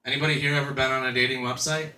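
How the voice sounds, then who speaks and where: A man's voice: medium pitch, level tone, rapid-fire, heavy background noise. A man in his thirties doing a crude, self-mocking stand-up set, chatting with the crowd from a club stage. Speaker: stand-up comedian. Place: comedy club stage before a laughing crowd. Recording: echoey club room, mic heard from a distance.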